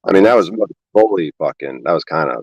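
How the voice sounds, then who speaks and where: Fast, profane, exasperated comedian man. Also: a bass voice, animated, creaky, slightly rough, dry recording, lo-fi sound. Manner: loud, exasperated, sarcastic, rapid-fire swearing. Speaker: comedian guest on a livestream podcast.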